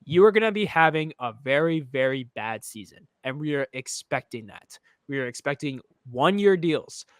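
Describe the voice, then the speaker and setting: A man's voice: on the high side, expressive, normal speed, few pauses, clear, resonant tone, no room sound, studio quality. A young man from the United States co-hosting a casual sports chat, opinionated and rambling, often restarting his sentences. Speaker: podcast co-host.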